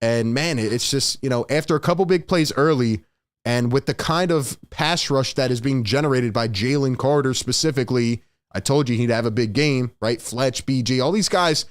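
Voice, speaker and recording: A man hosts a live halftime reaction stream with emphatic, frustrated energy, often saying his points twice. His voice sits at an ordinary pitch. The sound is dry and close, with no room echo. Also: normal speed. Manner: frustrated, emphatic, repeats himself. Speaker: sports show host.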